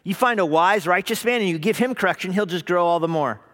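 A man preaching a sermon at an evening worship service, lively, acting out the voices of hesitant and scoffing people. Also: sits high, quick pace. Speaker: pastor. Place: church sanctuary. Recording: long reverb of a church hall.

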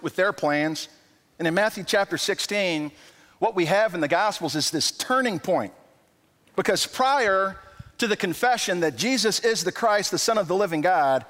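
A man preaching a sermon as pastor, animated and acting out quoted dialogue, often repeating words as he goes. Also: sits high, in a large hall. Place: church sanctuary.

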